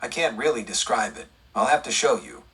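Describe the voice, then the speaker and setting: A jittery young outlaw who stammers and stalls, as a man reads him in an audiobook. His husky voice comes from a little way off the mic. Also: medium pitch, animated, a little fast, bright, forceful tone, recorded from a distance, heavily acted. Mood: nervous. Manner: stammering, nervous. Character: nervous young male outlaw kid.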